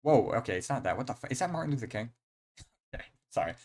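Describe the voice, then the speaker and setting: A young man streaming a horror game, chatting casually in an excitable, rambling way full of slang and fillers. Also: medium pitch, fast. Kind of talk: casual live-stream chat.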